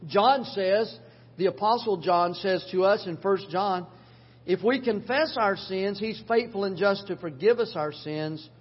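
An older male pastor preaches with a husky, fairly high voice, pressing his points through repetition and moving between loud urging and near-hushed passages. The sound is dull and carries a long reverb, as if picked up in a church sanctuary. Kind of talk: sermon.

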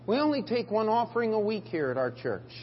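A man's voice: high-pitched, very animated, fairly quick, slight background noise. A middle-aged man preaching a sermon as pastor, in a folksy, emphatic way with frequent restarts, recorded in a church sanctuary. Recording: dull, lo-fi church recording with long reverb.

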